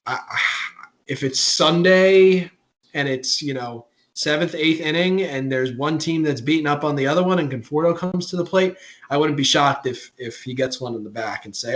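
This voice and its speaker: A man's voice: moderate pace, fairly bright tone. A young man co-hosting a podcast, talking sports in a casual, rambling way that turns heated when he rants. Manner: rambling, gets heated and high when ranting. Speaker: podcast co-host.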